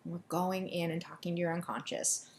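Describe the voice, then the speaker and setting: A woman coaching listeners through an EFT tapping session, giving quick, soothing directions and leading affirmations for them to repeat. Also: fairly low pitch, little pitch movement, a little mellow. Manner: deliberately quick delivery.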